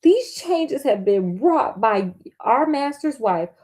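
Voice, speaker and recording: A woman voicing a young maiden who knows magic, speaking softly and partly in a whisper, as she reads a storybook tale aloud. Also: a little high, very animated, slow. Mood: tender, tearful.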